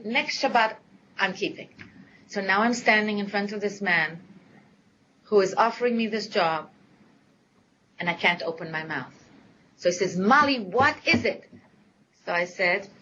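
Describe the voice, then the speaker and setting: An older woman giving a lecture as a personal story, lively and dramatic, acting out her own past words. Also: on the low side. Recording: dull lo-fi recording with faint hiss.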